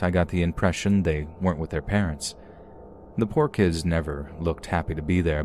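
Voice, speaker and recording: A man reading a first-person true horror story aloud as a podcast narrator, in a steady, measured manner. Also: very deep voice, a little hiss or hum.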